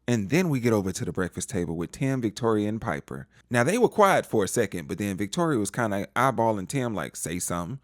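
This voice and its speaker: A man's voice: fairly low pitch, sing-song, quick pace, few pauses, no room sound. A man giving a casual recap of a TV episode, acting out the characters' lines in playful voices. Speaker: TV recap reviewer.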